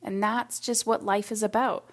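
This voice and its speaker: A woman's voice: medium pitch, little pitch movement, normal speed. A woman hosting a solo podcast in a casual, reflective way, acting out the voices of people she quotes. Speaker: podcast host.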